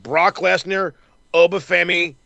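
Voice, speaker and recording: Animated, foul-mouthed man with a bright, gravelly voice. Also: high voice, a little slow, dry recording. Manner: animated, profane, acts out wrestler reactions. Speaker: wrestling podcast host. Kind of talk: casual chat.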